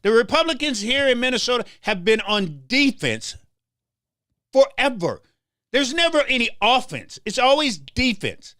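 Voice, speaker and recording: Fired-up man ranting in a high lively voice. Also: normal speed, no echo, clean studio sound. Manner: fired-up, stammering restarts, preacher-like rhythm. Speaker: show host. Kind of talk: political commentary monologue.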